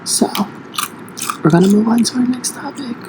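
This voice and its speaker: A young woman from the United States co-hosting a casual podcast, relaxed and chatty with plenty of "like"s. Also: fairly high pitch, normal speed, heavy background noise. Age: young adult. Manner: relaxed, laughing, filler-heavy. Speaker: podcast co-host.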